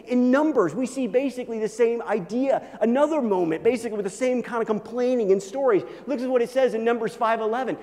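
A man preaching a sermon, animated, swinging between loud emphasis and hushed asides. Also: very high voice, fast talker, hardly any pauses, in a large hall. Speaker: pastor.

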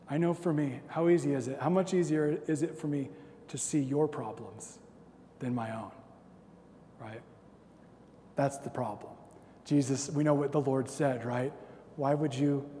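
A man's voice: medium pitch, warm tone, big-room sound, a little hiss or hum. A man in his thirties, a pastor giving a sermon, talking in a conversational, self-deprecating way and acting out little stories.

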